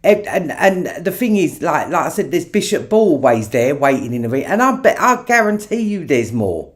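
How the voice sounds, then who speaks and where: A man's voice: fairly high pitch, big pitch swings, moderate pace. A man on a livestream who stammers and hesitates, then rants about the royals. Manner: hesitant, stammering, laughing along. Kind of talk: casual chat.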